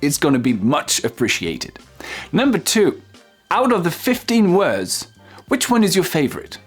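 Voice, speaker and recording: A teacher with a French accent giving a casual online pronunciation lesson, slowly repeating words with fillers. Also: mid-range voice, huge pitch swings, slightly rough, faint music behind. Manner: slow, repeats model words, many fillers.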